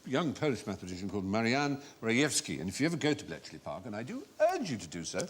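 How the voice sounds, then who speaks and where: A man's voice: on the low side, sing-song, rapid-fire. A man hosting a panel quiz show, explaining things in a wordy, playfully pompous way. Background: studio audience laughter.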